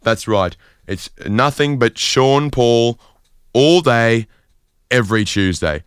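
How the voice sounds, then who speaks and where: A young man hosting a podcast, telling a rambling comic story in a deadpan way. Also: mid-range voice, slow pace, clear, resonant tone, dry recording, studio quality. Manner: rambling, deadpan, lots of fillers. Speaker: podcast host.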